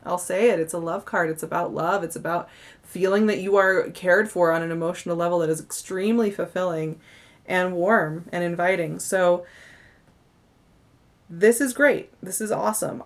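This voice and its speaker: A young woman talks through a monthly tarot reading in a chatty, effusive way, full of little laughs and fillers. She sounds a bit tired. Her voice sits somewhat low. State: yawning, tired. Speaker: tarot reader.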